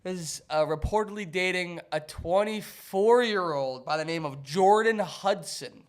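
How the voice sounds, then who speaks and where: A man's voice: sits high, measured pace. A man co-hosting a casual podcast chat, joking and trailing off mid-sentence. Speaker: podcast co-host.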